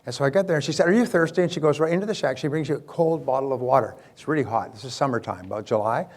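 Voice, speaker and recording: A man giving a business seminar talk, telling stories in a lively way with frequent restarts. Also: mid-range voice, racing. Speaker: business speaker and sales coach.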